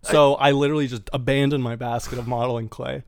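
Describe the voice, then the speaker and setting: A man's voice: mid-range voice, fast talker, smooth, no echo. A man in easygoing podcast chat, telling stories with frequent laughter. The sound is close and dry, with no room around it. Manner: relaxed storytelling, laughs often. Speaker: podcast co-host. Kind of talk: casual chat.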